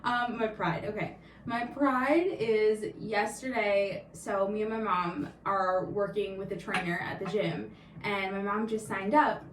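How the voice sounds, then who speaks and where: A woman's voice: medium pitch, steady tone, a little slow, distant mic. Chatty young woman podcaster, roomy sound. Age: 20s. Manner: chatty, laughs often, many fillers. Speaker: podcast co-host. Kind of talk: casual chat. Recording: roomy echo, from off-mic, faint noise.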